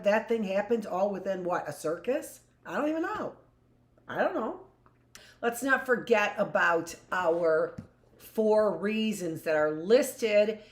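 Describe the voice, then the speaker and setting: A woman teacher talks her way through a live history lesson at an unhurried pace. She fires off questions to students who aren't there and answers them herself, with jokey asides along the way. Her voice bounces around an echoey room. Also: mid-range voice.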